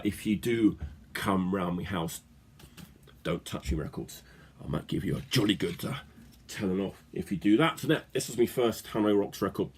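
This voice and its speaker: A man's voice: sits low, darkish tone, a little hiss or hum. A middle-aged man chatting casually about his records in a vlog, rambling along with lots of filler words and tag questions. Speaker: record collector host.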